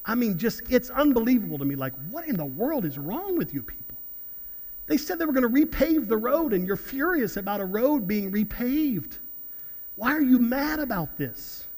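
A man preaching a sermon as pastor in church, halting and repeating words, then building to loud outbursts. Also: very high voice, very animated. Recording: long hall reverb.

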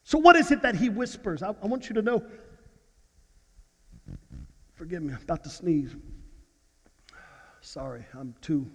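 A man's voice: sits high, expressive, normal speed, breathy edge. A male pastor preaching a sermon, with dramatic swings down to near-whispers and stammering restarts. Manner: dramatic dynamics, dropping to hushed near-whispers. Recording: reverberant hall.

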